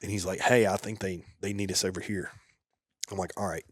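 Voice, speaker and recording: Low-voiced man telling a war story. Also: flat delivery, a little fast, no echo, studio quality. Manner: laid-back, dropping to a low murmur at grim moments. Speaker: podcast guest, former soldier.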